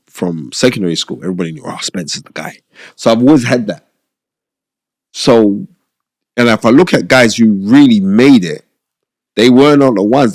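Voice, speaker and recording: Gravelly man telling boxing stories. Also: on the low side, no room sound. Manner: animated, emphatic, repeats phrases for effect, frequent "you know what I mean". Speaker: podcast host sharing his boxing past. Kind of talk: conversational storytelling.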